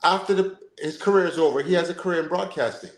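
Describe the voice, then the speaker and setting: Brief: man co-host, talkative and rambling, fairly high voice, echoey room. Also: quick pace. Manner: animated, rambling, full of fillers and asides. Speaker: podcast co-host. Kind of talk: casual chat. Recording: roomy echo.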